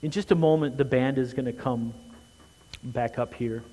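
A man preaching a sermon as pastor, earnest, rising loud and quick for emphasis, then dropping low and quiet. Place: church sanctuary. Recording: long hall reverb.

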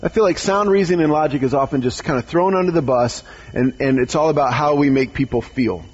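A man's voice: a little high, fairly quick, husky, muffled recording. A man, a pastor, giving a conversational sermon in church, often stumbling over words and asking "right?".

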